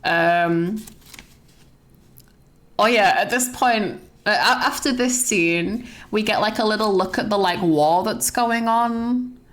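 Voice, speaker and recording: A woman's voice: medium pitch, takes it slowly. A young woman streaming a casual, sweary, rambling movie rant full of "like"s.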